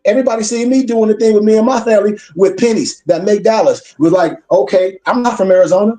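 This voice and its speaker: A male minister delivers a class lecture in a high but mellow voice. He is emphatic and preacherly, circling back to repeat key lines. Faint music hums behind him. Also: fast talker, few pauses.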